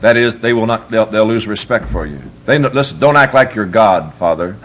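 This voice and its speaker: Over some background noise, a man with a lowish voice and moderate pace leads a humorous live parenting workshop as a preacher. His delivery is animated, jokey and emphatic as he tells stories.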